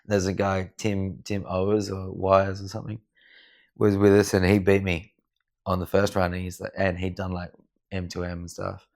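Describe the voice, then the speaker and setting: An Australian man, a podcast guest, telling an animated story in a casual chat at home, swearing freely. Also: sits low, normal speed, gravelly. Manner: animated, swears freely, acts out other people's voices. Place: living room of a house at night.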